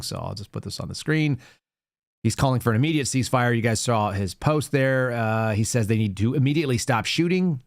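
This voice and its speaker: A man's voice: on the low side, no room sound, clean studio sound. A male podcast host giving wry, sarcastic commentary while reading headlines aloud. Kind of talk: live-stream commentary.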